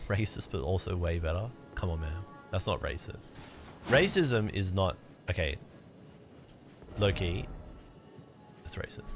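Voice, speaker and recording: A young man casually chatting to his livestream chat while he plays a game, joking around and breaking into sudden excited outbursts. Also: sits low, measured pace, pauses often, over music. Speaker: streamer.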